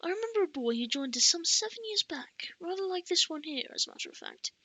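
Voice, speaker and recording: A woman's voice: very high-pitched, very animated, quick pace, bright, forceful tone, no echo, pitched above the performer's own voice, full character voice. A woman voicing a fussy, talkative male scribe master who repeats himself in an audiobook. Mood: pompous.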